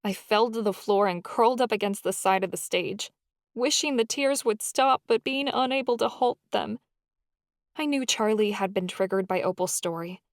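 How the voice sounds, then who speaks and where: A woman narrates a story in first person with feeling and expression. She sits at a middle pitch, and the close studio sound is dry with no room. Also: dry recording. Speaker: audiobook narrator.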